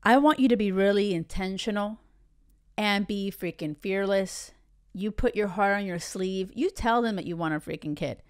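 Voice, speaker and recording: A woman's voice: medium pitch, normal speed, clear, resonant tone. A woman in her thirties hosting a podcast as a relationship coach, talking bluntly and emphatically and swearing freely. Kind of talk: casual podcast monologue.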